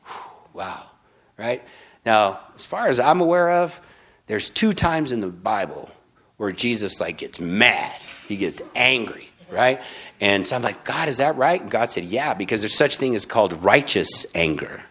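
A man's voice: lowish voice, expressive, moderate pace, sharp tone. A man preaching in an informal Bible-teaching style, often checking in with his listeners. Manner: informal, keeps asking "right?".

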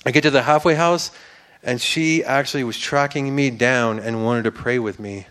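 A man's voice: medium pitch, normal speed, a bit bright, clean tone. A man giving a personal faith testimony in church, earnest and rambling, with restarts and fillers, building to fervent preacher-like declarations.

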